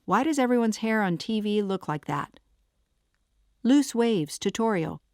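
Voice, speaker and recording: A woman's voice: mid-range voice, expressive, measured pace, no room sound, studio quality. Wry woman audiobook narrator. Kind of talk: first-person audiobook narration.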